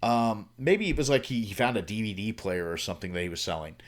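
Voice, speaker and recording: A man hosts a livestream and tells a long, casual story, rambling through fillers and swearing freely. His voice sits somewhat low. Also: lively intonation, fast. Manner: rambling, profane, with many fillers. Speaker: livestream host.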